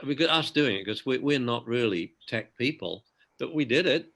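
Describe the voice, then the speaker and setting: A man's voice: mid-range voice, animated, moderate pace, creaky, a bit bright. A man, a dog trainer guest on a video call, telling anecdotes casually and often adding "you know".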